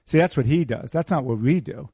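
A male pastor with a mellow, dark voice gives a relaxed, chatty sermon. He repeats his key lines and teases members of the flock with light joking asides. The sound is dry and close. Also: mid-range voice, fairly quick, breathy edge, no echo. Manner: conversational, repeats key phrases for emphasis; teasing, joking asides with the congregation. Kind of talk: informal sermon.

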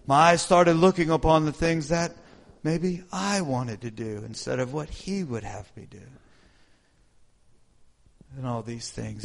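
A middle-aged man giving an informal sermon testimony, asking the listeners questions and acting out his own prayers and reactions. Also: mid-range voice. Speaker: preacher sharing testimony.

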